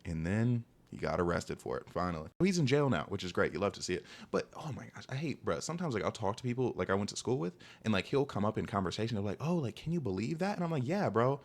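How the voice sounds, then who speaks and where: A man's voice: on the low side, fast talker, few pauses. A young man telling a personal story in a casual, exasperated storytime monologue, constantly saying "bro". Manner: animated, exasperated, peppers speech with "bro".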